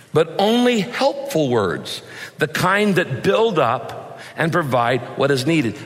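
Middle-aged male pastor, bright and forceful, folksy sermon delivery, big-hall reverb. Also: fairly high pitch. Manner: folksy, emphatic preaching with rhetorical questions. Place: large church auditorium.

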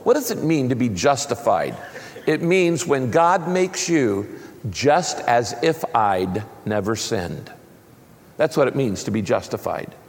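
A man's voice: medium pitch, very animated, measured pace. A man preaching a sermon as pastor, emphatic, with big swings up and down in his voice. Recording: long reverb of a large hall.

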